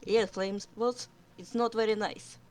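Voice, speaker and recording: A woman voicing a smooth-talking, manipulative male warrior cat in a tabletop game, coaxing and hushing in a falsely sweet way. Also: mid-range voice, steady tone, unhurried, no echo, lightly acted. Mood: falsely kind.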